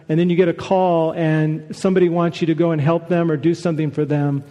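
A man preaching a sermon, conversational and animated, with casual asides to the congregation. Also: fairly high pitch, fast, hardly any pauses, in a large hall. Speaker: pastor.

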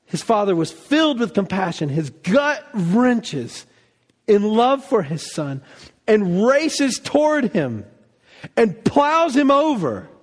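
Animated male preacher in a reverberant hall. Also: high voice, a little slow. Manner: animated storytelling, acting out quotes. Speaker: pastor. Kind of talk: sermon.

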